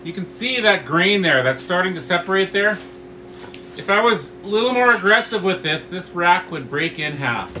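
A man's voice: high-pitched, expressive, moderate pace, sharp tone, rough recording. A middle-aged man hosting a live cooking tutorial, explaining each step in a friendly way and calling his viewers guys. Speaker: barbecue instructor and host.

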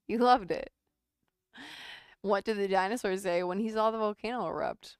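A woman's voice: mid-range voice, moderate pace, long pauses, clean tone, dry recording, studio quality. A woman chatting casually on a sewing livestream, laughing often and reading chat aloud.

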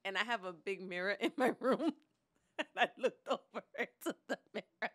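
A woman co-hosting a podcast in casual chat, talking in an animated, expressive way and laughing often as she tells stories. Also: medium pitch, normal speed. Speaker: podcast co-host.

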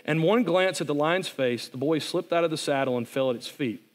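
A man's voice: fairly high pitch, a little fast. Earnest preaching man. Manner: earnest, conversational storytelling. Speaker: pastor. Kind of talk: sermon.

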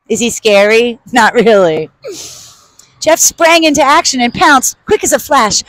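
A woman reading a children's picture book aloud outdoors in an animated, playful way. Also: a little high, unhurried, dry recording, rough recording.

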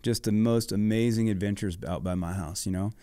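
A man's voice: lowish voice, a little fast, warm tone, dry recording. A middle-aged man telling a story in casual podcast chat, laid-back and swearing freely. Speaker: podcast guest, former motocross racer.

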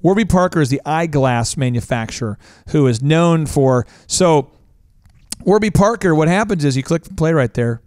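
A man from Oklahoma, hosting a business coaching show, talks fast and animated, joking and mimicking voices. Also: on the high side, no room sound, clean studio sound. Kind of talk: energetic instructional talk.

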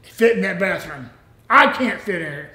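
High-voiced older man rambling. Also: moderate pace, reverberant. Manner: rambling, animated, laughs often, restarts lines. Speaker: former pro wrestler, interview guest. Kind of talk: casual storytelling interview.

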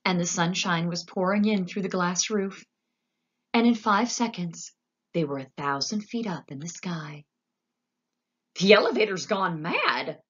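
A woman narrating a children's story with an expressive, animated reading. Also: on the low side, moderate pace, breathy edge, highs cut off. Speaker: audiobook narrator.

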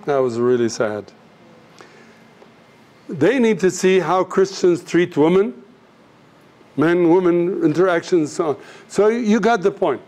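Earnest, fairly high-voiced male teacher. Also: animated, a little slow, long pauses, darkish tone. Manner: storytelling, acts out voices in anecdotes; earnest, direct to students. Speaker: missions teacher. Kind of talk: classroom teaching talk.

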